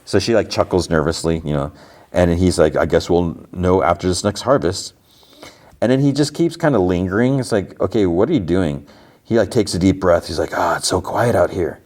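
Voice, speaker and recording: Man, podcast host, very low voice, casual rambling recap, filler-heavy. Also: brisk, a little mellow.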